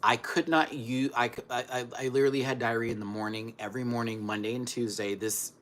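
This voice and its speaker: A man ranting casually on camera, swinging between loud outbursts and hushed muttering, still recovering from an illness. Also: mid-range voice, steady tone, quick pace. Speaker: vlogger.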